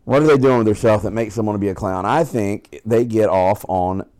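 A man's voice: on the low side, brisk, a little mellow, dry recording, clean studio sound. A man co-hosting a casual podcast. He swears freely, laughs a lot and tells stories in put-on voices. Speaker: podcast co-host. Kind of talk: casual chat.

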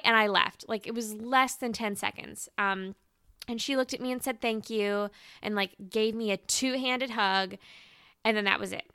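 A young woman co-hosts a fan podcast and recounts her stories in an animated, emotional rush, with "like" threaded all through them. Her voice is bright and crisp, with a gravelly fry at the ends of phrases. The recording is close and dry. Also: mid-range voice, moderate pace, no echo. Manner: animated, emotional storytelling full of "like". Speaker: podcast co-host. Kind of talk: casual chat.

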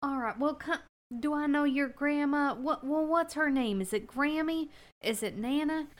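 Woman, high voice, chatty, rambling, questioning, tabletop role-play. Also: normal speed. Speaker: tabletop game player.

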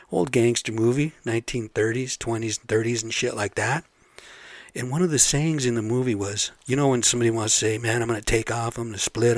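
A man's voice: mid-range voice, no room sound. Blunt, profane man. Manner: rambling, blunt and profane, asks listeners "right?". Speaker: vlog host. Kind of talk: casual profane monologue.

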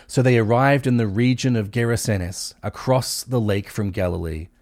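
A man giving a measured, steady scripture reading. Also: medium pitch, no room sound, studio quality. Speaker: Bible reader.

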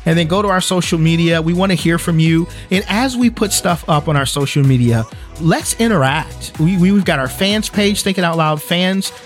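Earnest higher-voiced male podcast host. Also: normal speed, soft background music. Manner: earnest and emphatic, with frequent restarts and repeated words. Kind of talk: faith-based podcast talk.

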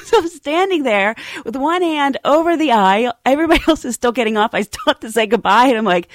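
A woman tells a story in a casual, animated way, laughing often and jumping up in pitch as she acts out the people in it. Her voice swings widely through its range and sits close and dry, with no room sound around it. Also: normal speed, no room sound.

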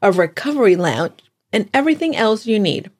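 A woman co-hosting a casual chat, telling stories in a lively way, laughing often and acting out what she said. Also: mid-range voice, brisk. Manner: animated, laughs often, acts out her own lines. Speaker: podcast co-host.

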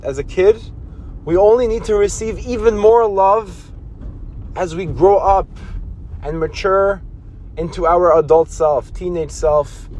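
A man's voice: high-pitched, darkish tone, slight background noise. A man hosting a motivational podcast, talking earnestly with lots of restarts and repeated phrases. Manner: earnest, repetitive, with many restarts; acts out scolding voices in quotes. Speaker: podcast host.

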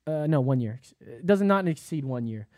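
Profane, rambling American podcast host. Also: male voice, fairly high pitch, lively intonation, normal speed, a little mellow. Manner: profane, rambling, laughs at himself. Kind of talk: casual podcast chat, reading out laws.

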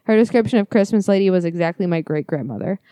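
A woman co-hosting a podcast, chatting casually and reading listener ghost stories aloud with quick, laughing, profane asides. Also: lowish voice, animated, mellow, no echo. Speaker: podcast co-host.

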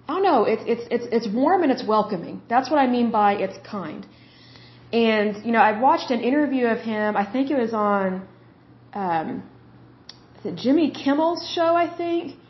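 A woman hosting a podcast from the United States, talking casually in a chatty, opinionated way with many asides and restarts. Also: fairly high pitch. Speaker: podcast host. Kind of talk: casual monologue. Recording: dull lo-fi sound.

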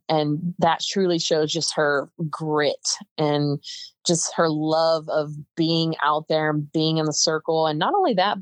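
Casual young female guest, low voice, rapid chatty delivery, dry close mic. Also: no room sound. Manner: chatty, fast bursts with many fillers. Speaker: podcast guest, softball player. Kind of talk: casual interview chat.

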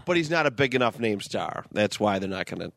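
A man's voice: on the low side, big pitch swings, fairly quick, gravelly, fairly bright tone, no room sound, studio quality. A man co-hosting a podcast, chatting loosely and swearing while he rants in a laid-back way. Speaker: podcast co-host. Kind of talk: casual chat.

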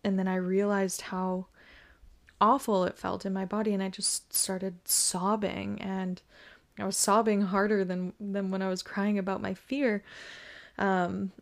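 Reflective pregnant woman with gravelly voice. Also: mid-range voice, level tone, a little slow. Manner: emotional, reflective, many fillers. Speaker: podcast host. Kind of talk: personal storytelling monologue.

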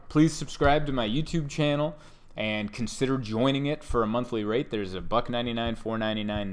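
A man's voice: medium pitch, a bit bright. Ranting, exasperated male comedian. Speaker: comedian host. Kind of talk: comedic storytelling monologue.

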